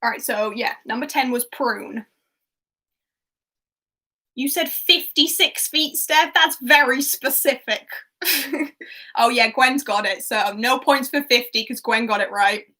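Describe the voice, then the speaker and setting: A woman's voice: high-pitched, takes it slowly, long pauses, sharp tone. A woman hosting a livestreamed pub quiz in casual chat, giggling and reading out viewers' answers. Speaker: quiz host.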